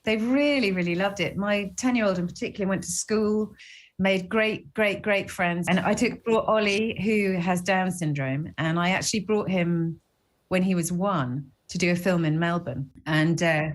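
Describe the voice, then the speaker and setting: A woman's voice: lowish voice, normal speed. A British woman in her forties, a guest actress chatting in a TV interview, self-deprecating and rambling, laughing often. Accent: British English. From Britain. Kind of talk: TV interview chat.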